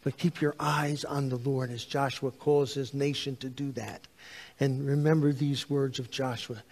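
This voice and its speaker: A man, a pastor preaching a sermon, telling stories with lively acted-out dialogue. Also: medium pitch, normal speed. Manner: animated storytelling, acts out dialogue. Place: church sanctuary. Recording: long hall reverb.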